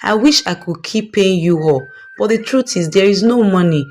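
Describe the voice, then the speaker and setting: A woman's voice: mid-range voice, expressive, moderate pace, a little mellow, a little hiss or hum, close to an everyday voice. A woman voicing a stressed father. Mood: weary. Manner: weary, pleading, exasperated. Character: stressed middle-aged rich husband, now broke.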